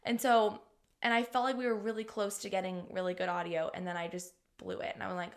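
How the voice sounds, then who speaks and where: A woman's voice: medium pitch, steady tone, normal speed, fairly bright tone. A young adult woman co-hosting a podcast, telling personal stories in casual chat with lots of "like". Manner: chatty, emotional storytelling full of "like". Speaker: podcast co-host.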